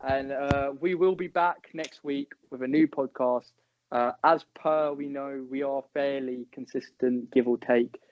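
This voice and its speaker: A young man, co-hosting a casual podcast chat with loud, slangy, swearing banter. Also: medium pitch, steady tone, unhurried, no echo. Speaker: podcast co-host. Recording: dull lo-fi sound.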